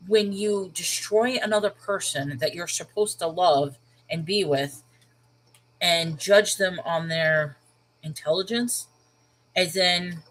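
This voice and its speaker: A woman with a low but fairly bright voice hosts her channel in casual chat, captured in a low-quality recording with slight background noise. She rambles, interrupts herself mid-sentence, and laughs often.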